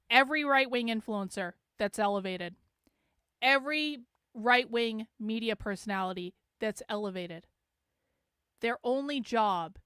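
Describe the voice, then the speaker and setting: A woman's voice: mid-range voice, fairly bright tone, smooth, no echo, studio quality. A woman hosting a livestream, talking sarcastically and profanely to her chat. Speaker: host. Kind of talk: livestream commentary.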